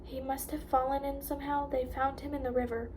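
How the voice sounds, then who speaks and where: A woman putting on a sorrowful father from an audiobook, speaking softly and gently to his daughter. The voice stays fairly high and hushed. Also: level tone, a little fast, recorded from a distance, a little hiss or hum, natural voice. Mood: gentle. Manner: soft, gentle.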